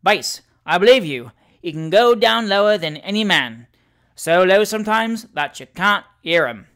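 A reader voicing an eager young gentleman at a tavern who makes forceful, emphatic remarks to his companion. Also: mid-range voice, expressive, normal speed.

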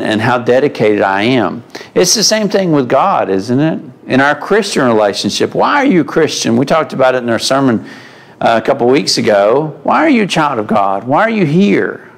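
A man's voice: medium pitch, sing-song, moderate pace, gravelly. A man teaching a mid-week Bible class in a church, in a conversational way, asking the class questions. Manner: conversational, asks the class questions, folksy phrasing.

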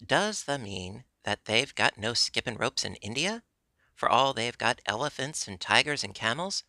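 A man's voice: medium pitch, animated, normal speed, creaky, pushed and bright, dry recording, exaggerated voice. A man reading a chatty young Yorkshire maid in broad, homely dialect, in a dry, close audiobook recording. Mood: eager.

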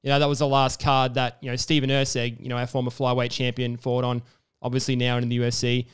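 A young man talks quickly, hosting a sports podcast in a loose, chatty way. His voice is very clean and clear, and he fills his questions with asides and fillers. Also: medium pitch, monotone. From Australia. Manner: chatty, filler-heavy, enthusiastic. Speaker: podcast host. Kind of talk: casual sports interview.

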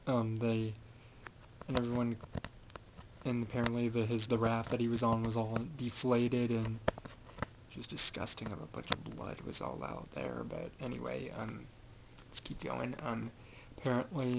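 A man retells a film plot in a loose, rambling way, stopping and restarting with frequent fillers. His pitch stays fairly flat and mid-range throughout. A faint low rumble sits under the recording. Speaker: film reviewer. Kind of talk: casual film recap.

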